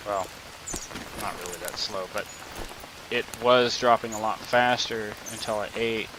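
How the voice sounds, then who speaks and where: A man's voice: fairly low pitch, measured pace. Guy chatting thru a game tutorial, lots of uhs, heavy rain noise in the background. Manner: relaxed, drawling, many fillers. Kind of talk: casual gameplay tutorial commentary. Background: loud rain and jungle game sounds.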